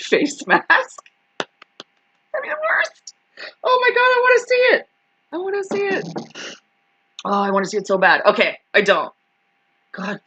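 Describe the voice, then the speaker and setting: A woman's voice: medium pitch, sharp tone. A Canadian woman in her thirties hosting a ranting vlog, swearing freely, sarcastic and laughing as she talks. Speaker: channel host.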